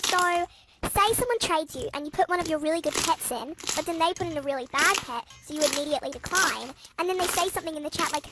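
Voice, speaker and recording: A text-to-speech woman's voice reading a storytime in a quick, chirpy way. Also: sits high, noisy background. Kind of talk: synthetic storytime narration. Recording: music bed under the voice.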